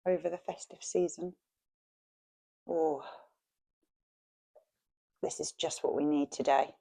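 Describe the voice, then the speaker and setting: A woman's voice: fairly low pitch, mellow. A woman chatting casually as she cooks at home for her vlog. She is homely and laughs often. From England. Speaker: vlogger. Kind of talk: casual chat while cooking.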